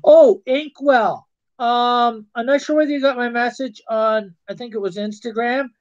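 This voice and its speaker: A man's voice: very high-pitched, fairly even intonation, normal speed, smooth, highs cut off. A man hosting a live stream in casual chat, reading viewer comments aloud, rambling and stumbling over his words.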